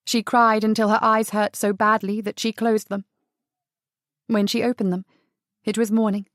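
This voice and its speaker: A woman reading an audiobook romance as narrator, telling the story in an even, intimate way. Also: mid-range voice, no room sound, studio quality. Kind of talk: scripted narration.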